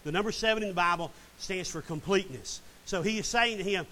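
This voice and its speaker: A man's voice: high voice, fast, pushed and bright, rough recording. A middle-aged man preaching a sermon and reading scripture dramatically. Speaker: pastor. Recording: faint hiss.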